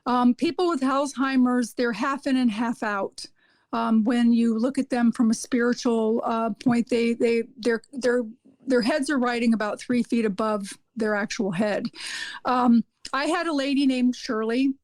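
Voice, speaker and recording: A woman's voice: a little high, fairly even intonation, unhurried, darkish tone, dry recording. A woman, a hospice nurse guesting on a podcast, telling earnest stories with frequent ums and repeated words. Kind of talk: casual podcast conversation.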